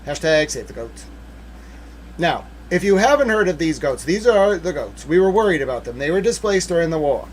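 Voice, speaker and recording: A man's voice: on the high side, moderate pace, a little hiss or hum. A man hosting a casual livestream, talking through documents and joking playfully with his chat. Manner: chatty, playful, emphatic when excited. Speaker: livestream host.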